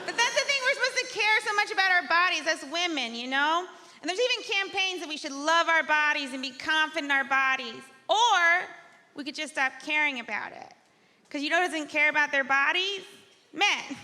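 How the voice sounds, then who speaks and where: Deadpan woman doing stand-up. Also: high-pitched, a little fast. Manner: dry, deadpan observational jokes. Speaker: stand-up comedian. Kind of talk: stand-up comedy. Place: large theatre stage. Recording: live theatre with reverb and loud noise.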